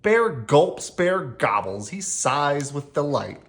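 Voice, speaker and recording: A bedtime storyteller reading a children's picture book aloud, sing-song and hushing softly on the refrains. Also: mid-range voice, big pitch swings, takes it slowly.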